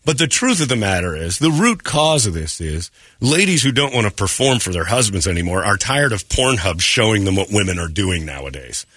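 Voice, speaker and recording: A man's voice: lowish voice, sing-song, brisk, fairly bright tone, no echo. A man hosting a morning radio show, telling stories in crude, joking, casual talk on a studio microphone.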